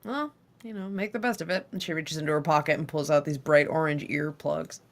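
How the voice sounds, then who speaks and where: Gravelly-voiced woman player. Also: sits low, fairly even intonation, a little fast. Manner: jokey, chatty. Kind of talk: casual tabletop play.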